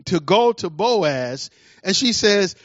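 A man preaching a sermon as a pastor, swinging between fervent declarations and hushed asides. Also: high-pitched, animated, slow pace, dry recording, muffled recording.

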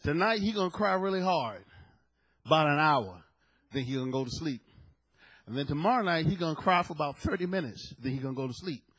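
A middle-aged male pastor preaching a sermon through a story, swinging from hushed telling to loud shouted points and acting out the people in it. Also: a little high, animated, brisk, breathy edge. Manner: acts out the people in his story with voices.

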